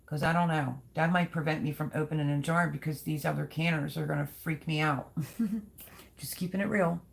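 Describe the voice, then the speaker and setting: A woman's voice: low-pitched, steady tone, normal speed, gravelly. A middle-aged woman hosting a casual livestream, chatting and reading out viewer comments in a rambling, talkative way. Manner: chatty, rambling, thinks aloud.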